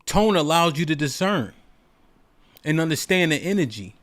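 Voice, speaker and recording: A man holds forth on a call-in show in a fairly high voice. His delivery is emphatic and preachy, full of rhetorical questions and constant "right?" check-ins. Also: sing-song, moderate pace, fairly bright tone. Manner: emphatic, repeats "right?" often. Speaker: podcast host.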